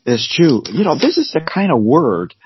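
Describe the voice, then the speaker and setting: A man's voice: a little high, sing-song, normal speed, slight background noise. A man co-hosting a podcast in casual chat, easygoing and agreeable, with fillers. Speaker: podcast co-host. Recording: dry, dull lo-fi sound.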